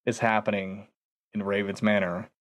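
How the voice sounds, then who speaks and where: A man's voice: fairly low pitch, flat delivery, moderate pace. A young man guesting on a podcast, telling a ghost-hunting story in casual chat, acting out quoted voices and laughing often.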